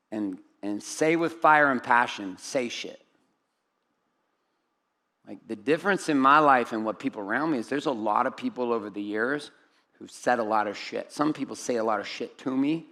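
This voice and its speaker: A middle-aged man with a creaky voice addresses a room of men from the stage as an event speaker. His motivational talk is blunt and full of profanity, lurching from loud eruptions to quiet, personal asides.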